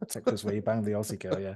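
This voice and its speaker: A man's voice: lowish voice, sing-song, fast talker, mellow. A man, the game master, casually recapping a tabletop campaign with friends and laughing along. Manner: laughing, leading the recap with questions. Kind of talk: casual chat among friends.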